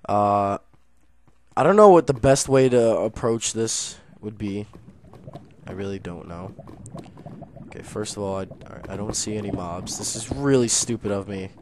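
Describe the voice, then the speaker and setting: A young man commentating his own game as a gaming channel host, nervous and excitable, muttering quietly, then bursting into loud exclamations. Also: fairly low pitch, a little slow, a little hiss or hum. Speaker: gaming YouTuber. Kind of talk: let's play commentary.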